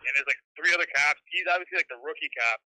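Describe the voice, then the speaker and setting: A young man calling in over the phone, telling a long rambling story with lots of swearing and animated quoting of other people. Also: on the high side, quick pace, no echo, rough recording.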